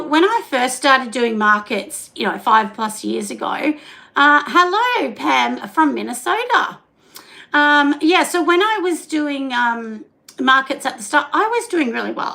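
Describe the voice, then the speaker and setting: A woman's voice: high voice, creaky, sharp tone, poor audio. A middle-aged Australian woman chatting casually on a livestream, greeting viewers and talking about her soap business, with lots of fillers. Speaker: soap maker hosting a livestream. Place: home studio.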